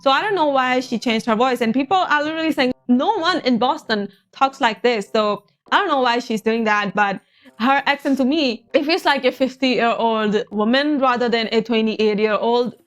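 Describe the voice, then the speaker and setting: A woman's voice: on the high side, moderate pace. A woman YouTuber giving casual commentary, rambling and hedging with lots of fillers. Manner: rambling, full of "like" and "in my opinion".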